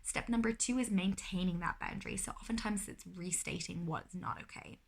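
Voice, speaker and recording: A mom in her thirties explains parenting advice earnestly in a laid-back vlog, regularly catching and correcting herself mid-sentence. Her fairly low voice carries vocal fry, and she talks at a normal speed.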